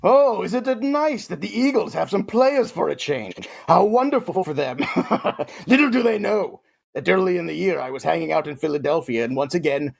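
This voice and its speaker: A man's voice: on the high side, normal speed, creaky. A man putting on a comic voice of a boastful alien titan villain on a sports talk show, speaking with pompous theatrical grandeur. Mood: mock-grand. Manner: pompous, theatrical, playful third-person boasts. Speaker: fantasy football guest in character. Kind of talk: comic character bit on a sports podcast.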